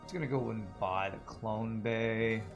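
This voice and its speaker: Gravelly-voiced man streaming a game. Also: on the low side, steady tone, a little slow, muffled recording, soft background music. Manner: musing aloud, chatting with viewers. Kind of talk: casual gameplay commentary.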